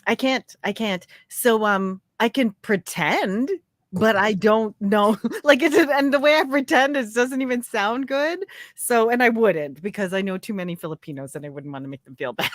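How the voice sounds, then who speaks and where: A woman's voice: fairly high pitch, normal speed, no echo, studio quality. A woman hosting a casual live-stream chat, laughing often between her words. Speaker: host.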